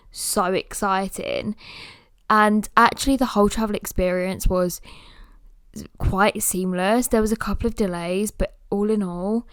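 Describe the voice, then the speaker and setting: A woman's voice: mid-range voice, dry recording. Podcast host, woman in her early 20s: chatty, rambling, tired and yawning, close dry mic. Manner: chatty, rambling, lots of "like" fillers. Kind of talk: casual solo podcast chat.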